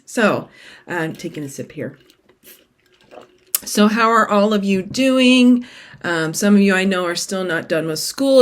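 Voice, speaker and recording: A middle-aged woman hosting her cross-stitch vlog in casual, rambling chat that keeps drifting off topic. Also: fairly low pitch. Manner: rambling, chatty, sidetracked.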